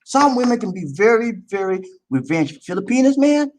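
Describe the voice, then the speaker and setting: A man hosting a casual advice talk, animated and preachy, with slang and loud laughs at his own jokes. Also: very high voice, fairly quick, poor audio. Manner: slangy, repeats "man" and "okay". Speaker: vlog host.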